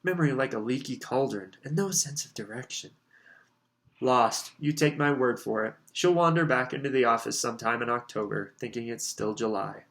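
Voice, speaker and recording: A man's voice: mid-range voice, moderate pace, gravelly, a bit bright. A man voicing a jolly, carefree middle-aged official in an audiobook, talking breezily and waving worries aside. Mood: airy. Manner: hearty, carefree, brushing off worries.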